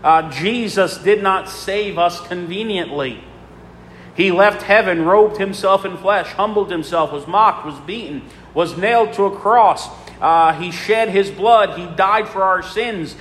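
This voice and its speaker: A man's voice: high voice, unhurried, a bit bright, slight background noise. A male pastor preaching a sermon with a repetitive, rhythmic cadence and frequent fillers. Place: church sanctuary. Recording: long reverb in a large hall.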